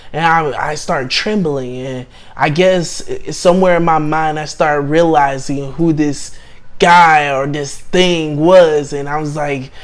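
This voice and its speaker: Young man, casual storytime testimony, slightly higher voice, halting delivery with lots of restarts. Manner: hesitant, full of restarts and "like"; shifts between hushed and excited tellings. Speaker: channel host telling his testimony.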